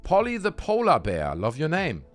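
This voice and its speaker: A man's voice: fairly high pitch, wildly swooping pitch, moderate pace, faint music behind. A man hosting a livestream, ranting heatedly with lots of swearing and talking straight to his chat while drinking. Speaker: livestream host. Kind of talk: casual livestream rant.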